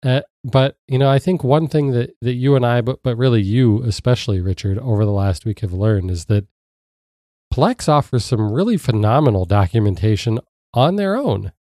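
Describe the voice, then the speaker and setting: A man hosting and producing a tech podcast, a little nasal from a cold, chatty and quick to laugh. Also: mid-range voice, lively intonation, warm tone, dry recording, clean studio sound. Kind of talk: casual podcast chat.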